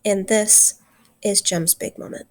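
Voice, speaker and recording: A woman teacher giving a recorded literature lesson, earnest and slowing down to stress key points. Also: mid-range voice, fairly even intonation. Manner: earnest, slows down for emphasis.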